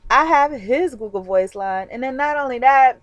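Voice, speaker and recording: A woman telling a story to her viewers in a casual, animated, chatty way, with frequent fillers and laughs. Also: sits high, moderate pace, dry recording, dull audio. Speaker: vlogger.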